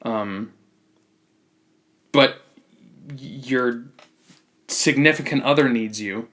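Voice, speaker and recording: Male podcast host, mid-pitched, casual and opinionated, blunt critic who restarts sentences often. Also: slow, a bit bright. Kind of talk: casual movie review chat.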